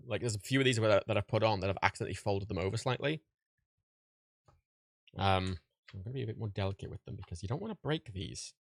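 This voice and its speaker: A man's voice: lowish voice, a bit bright, no echo. A young man, tired and rambling, swearing and laughing at himself on a casual livestream. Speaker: livestream host.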